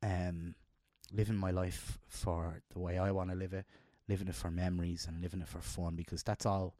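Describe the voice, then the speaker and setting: Man, emotional, low voice. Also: flat delivery, normal speed, warm tone, no echo, clean studio sound. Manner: emotional, heartfelt, jumps up in pitch when quoting himself. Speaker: podcast co-host. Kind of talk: casual chat.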